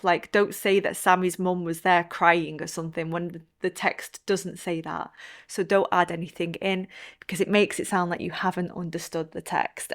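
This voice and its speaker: Woman teaching an online lesson. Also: mid-range voice. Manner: friendly, direct, gives clear instructions. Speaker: English teacher and tutor.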